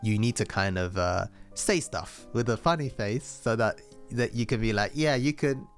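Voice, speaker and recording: A man's voice: on the low side, expressive, normal speed, soft background music. A man hosting a casual vlog in a joking, chatty way. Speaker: host.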